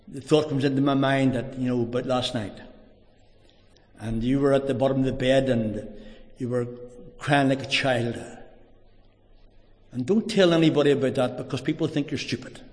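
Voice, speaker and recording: Earnest man in a reverberant hall. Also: medium pitch. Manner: earnest, halting storytelling with many restarts. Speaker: speaker giving his testimony. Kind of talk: personal conversion testimony.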